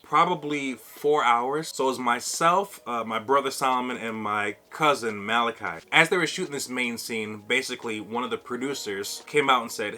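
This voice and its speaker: A man vlogging to camera, telling a funny personal story in a casual, animated way and acting out what others said. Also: medium pitch, moderate pace, few pauses. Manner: animated, acts out other people's lines.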